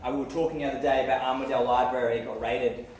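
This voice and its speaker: A man's voice: medium pitch, steady tone, very fast, recorded from a distance, crowd noise. Man doing crude stand-up. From Australia. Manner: crude rambling jokes, laughs at his own lines. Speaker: stand-up comedian. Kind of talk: open mic stand-up. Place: small venue, in front of an audience. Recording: echoey room picked up from afar.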